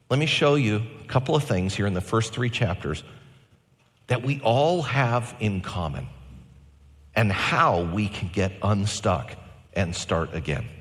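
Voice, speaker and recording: A pastor in his forties delivering a sermon with animated, varied delivery and slow, emphatic phrases. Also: medium pitch, in a large hall.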